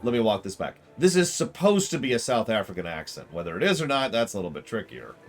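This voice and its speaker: A man's voice: fairly low pitch, very animated, fast talker, faint music behind. A man streaming a game, commenting in a sarcastic, rambling way. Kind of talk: casual commentary.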